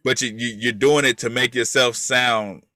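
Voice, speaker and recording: Male co-host, casual and insistent, bright and dry. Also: mid-range voice, steady tone, normal speed, no room sound. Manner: emphatic, repeats himself to make a point. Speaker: podcast co-host. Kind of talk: casual chat.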